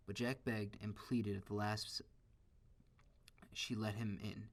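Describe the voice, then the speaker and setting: A man with a low, gravelly voice reads a children's story aloud in a steady, expressive way. He goes a little slowly, leaves long pauses, and gives each sentence a storyteller's weight.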